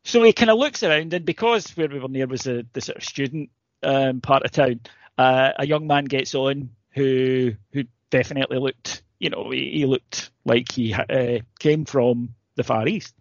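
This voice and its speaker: A man with a Scottish accent, a podcast co-host telling stories in animated, casual chat. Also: mid-range voice, normal speed, no room sound. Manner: storytelling, animated, swears casually. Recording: slightly dull lo-fi, dry.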